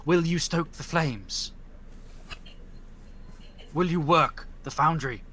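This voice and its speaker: A man voicing a solemn spirit of fire and glass that questions intruders slowly and insistently. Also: on the high side, bright, forceful tone, heavily acted.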